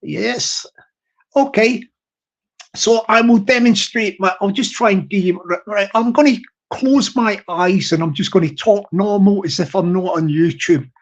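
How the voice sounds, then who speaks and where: Unhurried and high-pitched, a man from Glasgow, Scotland chats loosely on a live stream in his Glaswegian accent. He wanders from point to point, joking, laughing often and saying things more than once.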